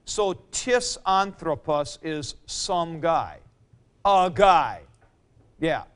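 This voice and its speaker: Guy teaching greek grammar in a classroom, real slow, smooth high voice. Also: animated. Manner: explains slowly, addresses students by name. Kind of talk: classroom lecture.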